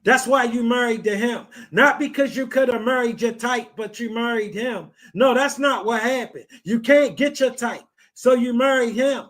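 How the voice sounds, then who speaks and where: Male podcast host, very high-pitched, blunt and repetitive. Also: moderate pace, a bit bright. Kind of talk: blunt advice talk.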